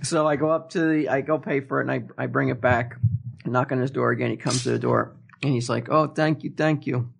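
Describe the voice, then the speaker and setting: Man, podcast co-host, casual storytelling, gravelly, husky. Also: mid-range voice, little pitch movement, fast. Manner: rambling storyteller, laughs often. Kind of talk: casual chat.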